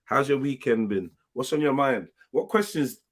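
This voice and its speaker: A man's voice: mid-range voice, animated, normal speed. A man hosting a casual livestream chat. He talks in loose, teasing street slang. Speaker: livestream host.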